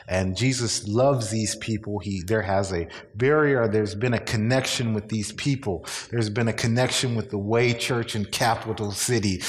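Preaching pastor in a reverberant hall. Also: male voice, lowish voice. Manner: storytelling with voiced quotes and repetitions. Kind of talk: sermon.

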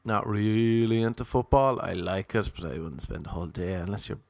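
A man's voice: fairly low pitch, a little fast, gravelly, darkish tone, dry recording. Brief: Irish man, rambling jokey storyteller, dry close sound. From Ireland. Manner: rambling, self-mocking, jokey asides. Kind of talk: casual comic storytelling.

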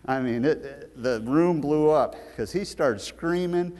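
A man preaching a sermon with emphatic, storytelling delivery that swells to loud peaks. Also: on the high side, a little slow. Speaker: pastor. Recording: long hall reverb.

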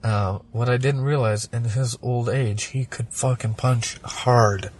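A man's voice: mid-range voice, fairly even intonation, unhurried, darkish tone, slightly rough. A man originally from Germany, talking casually as a podcast guest, rambling and swearing through a personal story.

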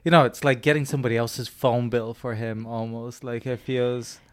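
A man offers measured comments on a film in a steady, unvaried tone. His voice is smooth and resonant. He speaks calmly and conversationally. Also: mid-range voice. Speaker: podcast co-host. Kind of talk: casual film discussion.

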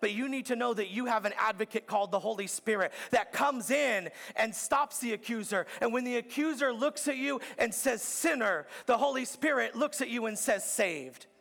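High-voiced, gravelly man preaching a sermon. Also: brisk, few pauses, fairly bright tone. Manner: earnest, repetitive preaching cadence with rising emphatic builds. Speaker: pastor. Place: church auditorium.

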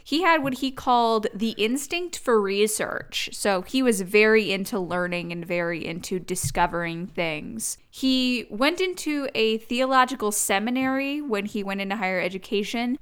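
A woman co-hosting a podcast in a casual chat, chatty and quick to laugh with jokey asides. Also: a little high, a bit bright, smooth. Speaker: podcast co-host.

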